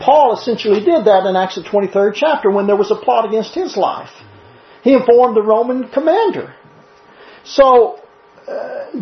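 A man preaches with a lively, swinging pitch, pressing his points with emphatic rhetorical questions. His voice carries in a roomy space. The recording is a little dull and muffled. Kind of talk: sermon-style Bible teaching. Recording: roomy, slightly dull sound.

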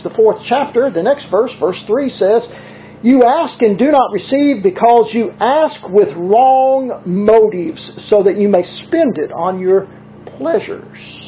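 A preacher giving a deliberate, emphatic sermon and reading scripture passages aloud. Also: medium pitch. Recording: tinny lo-fi recording with faint hiss.

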